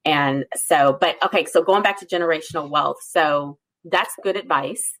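A woman's voice: low-pitched, normal speed, a bit bright. A woman co-hosting an interview, chatty and engaged, reacting readily and steering the conversation. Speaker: co-host, interviewer. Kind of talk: casual interview chat.

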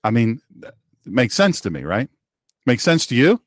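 A man's voice: mid-range voice, huge pitch swings, moderate pace, no echo, studio quality. A man hosting a talk show, giving an opinionated monologue in an emphatic, sarcastic, preachy manner.

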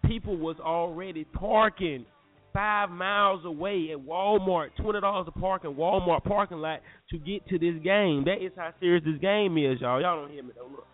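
A young man from North Carolina, animated and slangy, telling a story to listeners as a podcast host. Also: sits high, normal speed. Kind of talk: casual storytelling. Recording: phone-like lo-fi audio with faint music.

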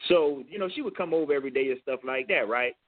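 A man's voice: medium pitch, fast talker. A man co-hosting a call-in talk show, speaking emphatically and often repeating himself. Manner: emphatic, repeats phrases, says "you know what I'm saying". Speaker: co-host. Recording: tinny phone-line sound.

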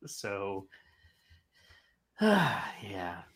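A man co-hosting a movie review podcast, playfully defending his high rating and laughing as he talks. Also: big pitch swings, extremely slow, creaky, fairly bright tone. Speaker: podcast co-host. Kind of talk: casual movie review banter.

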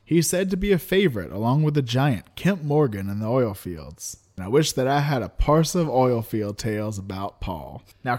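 A man's voice: mid-range voice, a little mellow. A man co-hosting a podcast, chatting about folklore, laughing easily and reading from old articles. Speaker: podcast co-host. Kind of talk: casual chat about folklore.

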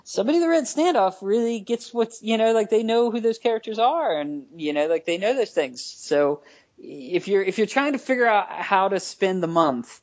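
A man's voice: high voice, animated, moderate pace, lo-fi sound. A man, a comic book writer, talking as a guest in a casual podcast interview, stopping and restarting often and joking with dry sarcasm.

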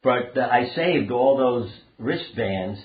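A man's voice: medium pitch, lively intonation, slow pace. An older man, a doctor and author, earnestly telling rambling personal anecdotes as an interview guest. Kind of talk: conversational storytelling interview. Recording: phone-like line in a roomy space.

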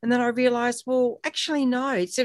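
A woman's voice: fairly high pitch, flat delivery, brisk, no echo, studio quality. A woman, chatting reflectively and telling personal stories with quoted dialogue. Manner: warm, reflective storytelling with acted quotes. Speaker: guest on a support talk show. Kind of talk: casual conversational chat.

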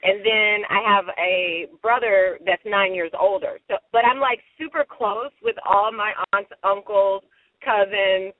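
A woman's voice: medium pitch, a little slow, dry recording. A woman from Ohio, a matchmaker guest, chatting and telling stories with laughs in a phone interview. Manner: chatty, laughing, animated storyteller. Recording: tinny phone line, dry.

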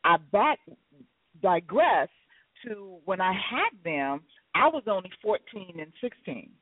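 Woman, late 50s, radio co-host, earnest, halting restarts, dry narrow phone-like sound. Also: medium pitch, very animated, slightly rough, no echo. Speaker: talk show co-host. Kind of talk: radio talk show commentary.

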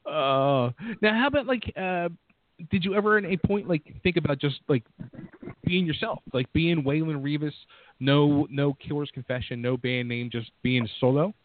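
A man's voice: a little high, normal speed, dry recording. A man hosting a radio interview, asking rambling questions full of fillers like "like" and "you know.". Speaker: radio show host. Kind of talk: casual interview. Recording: tinny phone-quality line, dry.

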